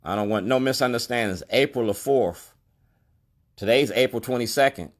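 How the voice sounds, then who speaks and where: Here a store owner in middle age, who also runs an activist vlog, addresses the camera at a normal pace in a mid-range voice. He protests in plain, forceful language, hammering his central lines again and again.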